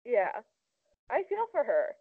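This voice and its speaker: A woman's voice: a little high, wildly swooping pitch, slow, no echo. A young woman co-hosting a casual celebrity gossip chat, talking loosely with lots of "like". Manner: chatty, heavy use of "like". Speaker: co-host. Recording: tinny phone-like sound.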